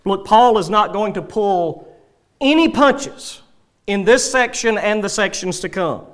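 Slow, high-voiced male preacher. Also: animated. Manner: measured, emphatic preaching with scripture reading. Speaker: pastor. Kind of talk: expository sermon.

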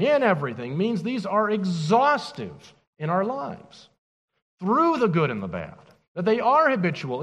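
A man preaching a sermon as pastor, emphatic and animated, asking the congregation rhetorical questions. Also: fairly high pitch, big-room sound. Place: church.

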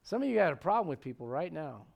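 Male pastor, high-pitched, conversational sermon delivery, quizzes the congregation, punches key lines. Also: sing-song, quick pace, gravelly, darkish tone. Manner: conversational, emphatic, asks the congregation questions. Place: church sanctuary.

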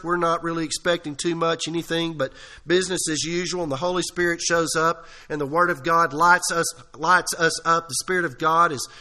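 Pastor, male, bright high voice, earnest sermon delivery with emphatic swells. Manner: earnest preaching, rising to emphatic peaks. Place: church.

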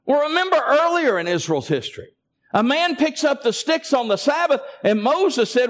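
A man's voice: very high voice, sing-song, moderate pace. A man preaching a sermon and calling for responses from his congregation. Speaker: pastor.

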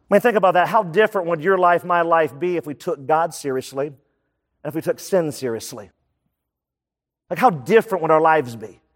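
A male pastor preaching a sermon, emphatic, with repeated rhetorical questions to the congregation. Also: high voice. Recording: long hall reverb.

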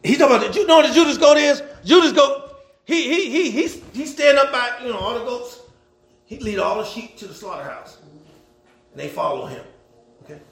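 A man's voice: very high voice, lively intonation, brisk, a bit bright. A man preaching a sermon, fervent and calling out to the congregation, stretching out scripture readings and breaking into chuckling asides.

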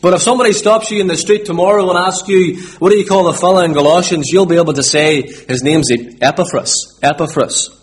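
A man's voice: sits high, fast talker, few pauses. A man from Northern Ireland with a Northern Irish accent, preaching a sermon and repeating his key words for emphasis.

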